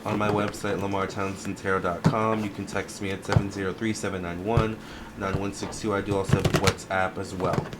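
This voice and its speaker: A man doing a casual tarot reading to camera, musing aloud in an unhurried way with many fillers. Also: low-pitched, little pitch movement, very noisy. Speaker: tarot reader.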